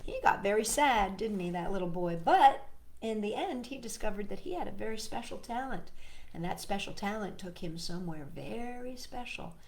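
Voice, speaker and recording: A woman hosting a children's storytime, reading a picture book aloud in a gentle, expressive way and chatting to a puppet. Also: medium pitch, moderate pace. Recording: roomy echo, faint music.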